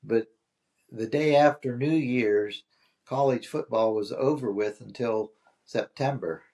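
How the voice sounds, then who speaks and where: A man's voice: mid-range voice, slow, a little mellow. An older man as the guest in a casual chat, speaking tersely and dryly and making his points through questions. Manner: terse, dry, leads with questions.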